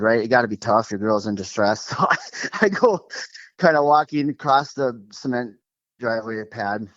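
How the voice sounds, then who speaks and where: A man from Minnesota telling a story as a guest, animated and quick, with many fillers. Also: lowish voice, dry recording, dull audio. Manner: animated, fast, lots of fillers like "like" and "um". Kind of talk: casual storytelling over a call.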